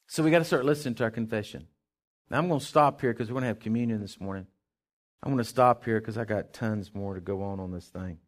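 A male pastor preaching a sermon, swinging from hushed asides to loud, fervent declarations. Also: medium pitch.

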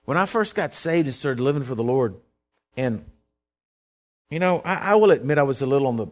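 A man preaching a sermon, animated and storytelling, breaking into sudden loud outbursts. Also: mid-range voice, brisk.

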